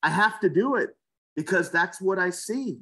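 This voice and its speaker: A man's voice: sits high, animated, normal speed, sharp tone. A man working as a real estate agent, talking passionately and with strong opinions in a casual interview, often repeating words as he goes.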